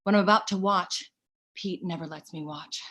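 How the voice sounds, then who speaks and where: A woman performing a comic monologue as a woman daydreaming during a briefing, in a breathy, confessional tone over a video call from home. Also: lowish voice, normal speed, fairly bright tone, natural voice. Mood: confessional, dreamy.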